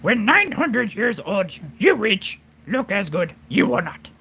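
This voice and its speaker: A man's voice: high-pitched, big pitch swings, takes it slowly, pushed and bright, pitched above the performer's own voice, full character voice. A man impersonating Yoda, an ancient, tiny, cryptic alien master who speaks in backwards phrasing. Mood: puzzled, wise. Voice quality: gravelly, croaky, backwards phrasing.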